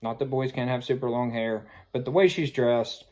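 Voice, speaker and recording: A man's voice: mid-range voice, normal speed, a little mellow. A man casually telling a personal story, rambling and sheepish, filling his talk with "like" and "I mean.". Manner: self-conscious, sheepish.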